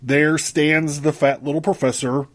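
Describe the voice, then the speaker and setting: A man's voice: a little high, little pitch movement, unhurried, slight background noise. A man reading a book aloud on his podcast, acting out the quoted characters and then breaking off to comment casually. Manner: voices the characters' quoted lines, breaks off to joke and laugh. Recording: equipment sound problems.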